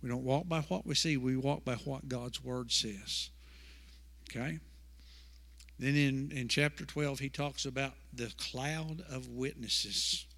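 A man's voice: mid-range voice, takes it slowly, gravelly, fairly bright tone. A male pastor preaching a sermon in a church, emphatic, repeating words and asking rhetorical questions. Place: church sanctuary. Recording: long hall reverb.

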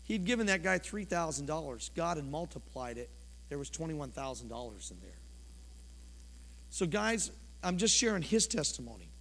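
A pastor preaching a sermon in a church, his delivery impassioned and swinging from loud to quiet. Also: fairly high pitch, very animated, moderate pace, creaky. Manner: impassioned preaching, rising and falling sharply. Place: church sanctuary. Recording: long church reverb.

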